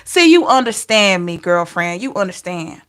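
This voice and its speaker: A woman's voice: lowish voice, big pitch swings, normal speed, a bit bright. A middle-aged woman with a Southern drawl giving a chatty live-stream tarot reading, laughing and greeting her viewers. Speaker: tarot reader.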